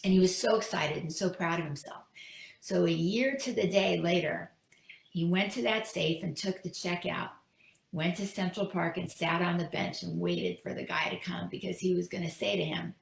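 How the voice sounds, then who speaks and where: A woman speaker tells a story in a casual, chatty way. Her voice has a gravelly, creaky texture. The recording sounds echoey and roomy. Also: medium pitch, normal speed. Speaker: speaker, teacher. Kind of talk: storytelling talk.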